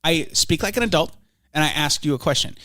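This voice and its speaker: A man's voice: fairly high pitch, animated, fairly quick, pushed and bright, dry recording, voice pushed down. A man doing a stammering, indignant pundit. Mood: lecturing. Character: man impersonating a combative conservative pundit. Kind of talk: comedic impression on a podcast.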